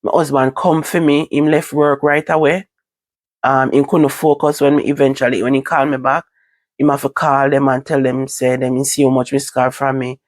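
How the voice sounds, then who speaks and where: A woman with a Jamaican accent recounting a personal story to her viewers, in a halting, repetitive way. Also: extremely low pitch, flat delivery, no echo. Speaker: vlogger.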